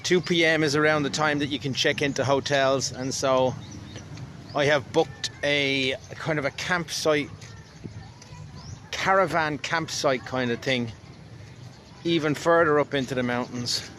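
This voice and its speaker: A man's voice: a little high, steady tone, unhurried, fairly bright tone, a little hiss or hum. A man from Ireland with an Irish accent, talking casually to camera outdoors in a wry, rambling way. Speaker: vlogger. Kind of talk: casual spoken monologue.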